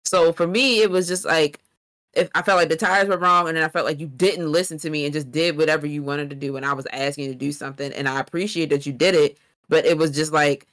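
A woman's voice: low voice, fairly even intonation, fast, a bit bright. Woman on a couples podcast, keeps restarting her sentences, insistent. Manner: insistent, detailed explaining with many restarts. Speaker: podcast co-host. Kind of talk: casual chat.

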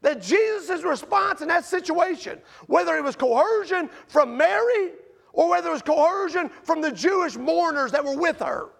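A man preaching a sermon with a very high, gravelly voice. He talks conversationally and keeps asking his congregation questions. He builds to shouts and then sinks to quiet, hushed stretches. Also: moderate pace. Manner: animated, shouting peaks then dropping low and quiet. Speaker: pastor.

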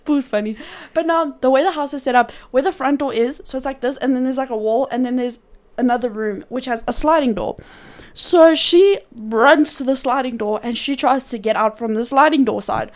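Profanity-laced high-voiced woman storyteller. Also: normal speed. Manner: profane, animated, laughs often. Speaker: podcast co-host. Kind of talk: casual storytelling.

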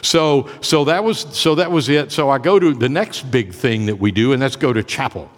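A man's voice: mid-range voice, moderate pace. A man preaching as pastor, telling a personal story in a conversational way, often repeating and restarting words. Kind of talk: sermon storytelling. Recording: long reverb of a church.

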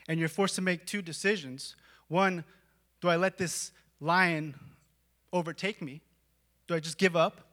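A man preaching a sermon in a conversational way, full of "like" and "right?", dropping to a hush and then rising to shouts. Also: high-pitched. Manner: dramatic swings from hushed to shouting.

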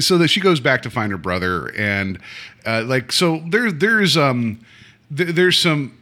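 Bright-voiced sarcastic man chatting. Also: medium pitch. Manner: rambling, sarcastic, many restarts. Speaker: podcast co-host. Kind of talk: casual chat reviewing a TV episode.

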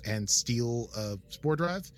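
A man chatting casually about a TV episode in a nerdy, animated way. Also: medium pitch, slow. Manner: nerdy, animated, puts on silly voices. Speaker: podcast co-host. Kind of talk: casual chat.

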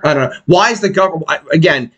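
A man hosting a podcast, ranting loudly with crude, profane banter. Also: on the high side, very fast, breathy edge, highs cut off. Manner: animated, profane, rants and shouts. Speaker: podcast host.

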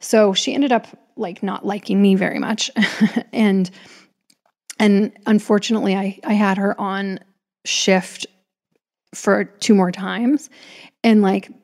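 A woman's voice: mid-range voice, fairly even intonation, slow, long pauses, a little mellow. A woman in her thirties casually telling a personal story, chatty, with frequent restarts and asides.

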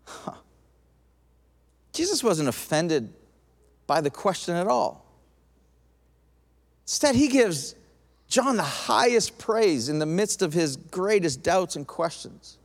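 Preacher guy, high voice, big echoey hall, gets animated then goes quiet and intense. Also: takes it slowly, creaky, long pauses. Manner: animated, acts out quoted voices, drops to soft intense tone. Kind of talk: sermon.

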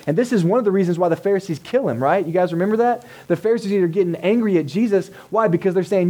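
A male pastor, preaching a Sunday sermon to a congregation gathered in a cinema. His voice sits a bit high but sounds warm and mellow. He keeps it casual, checking in with the listeners through frequent rhetorical questions. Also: fast talker, hardly any pauses, poor audio. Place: church service held in a cinema.

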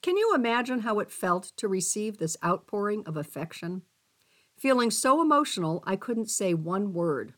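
Woman reading the paper aloud, lively. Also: mid-range voice. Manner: expressive reading, voicing quotes. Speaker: volunteer newspaper reader.

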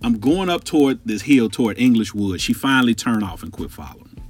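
A man with a husky, slightly breathy voice that swings widely up and down as he tells a story. He is animated and profane and speaks straight to his listeners as a podcast host. Faint music plays behind him. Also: medium pitch, brisk.

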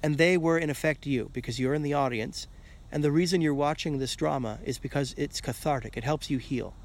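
A man's voice: a little high, brisk. A man hosting a podcast in a casual solo monologue, rambling and checking in with "okay?" as he goes. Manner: rambling, keeps asking "okay?", swears casually. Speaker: podcast host.

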